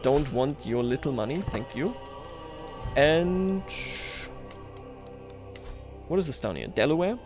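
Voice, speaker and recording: A man's voice: on the high side, expressive, slow pace, pauses often, music in the background. A man livestreaming a strategy game, talking casually to his chat, self-mocking and chuckling often. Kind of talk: casual gameplay commentary.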